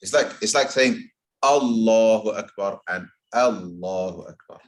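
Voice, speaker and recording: A man with a fairly low voice runs an informal Quran pronunciation lesson. He is patient and repeats sounds slowly to demonstrate them. He speaks in a casual classroom tone. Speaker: tajweed teacher. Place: community centre classroom.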